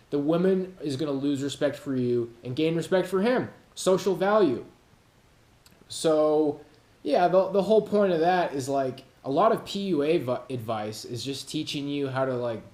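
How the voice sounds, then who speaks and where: A man's voice: on the high side, expressive, normal speed, a little mellow, roomy sound. A man hosting his own channel, talking casually and rambling, swearing often and laughing at his own jokes. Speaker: YouTube channel host. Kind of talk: casual monologue to camera. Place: home room with cats.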